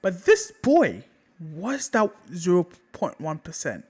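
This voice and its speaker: Guy telling a fan story off the cuff, slow and halting, repeats himself, pitch all over. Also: huge pitch swings, a little mellow, husky, poor audio. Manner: halting, repeats phrases, casual. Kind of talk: improvised fan-story narration.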